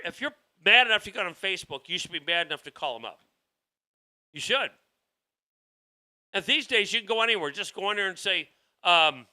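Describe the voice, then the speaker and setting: A man's voice: on the high side, bright, forceful tone. A man hosting a political talk show, delivering a rambling, heated monologue with frequent restarts. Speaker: show host.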